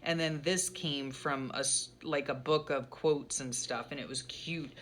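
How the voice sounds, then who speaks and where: A middle-aged woman rambling casually through her journal pages at home, often pausing to recall what happened. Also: sits low, steady tone, a bit bright, slight background noise. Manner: chatty, rambling, pauses to recall. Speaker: journaling vlogger.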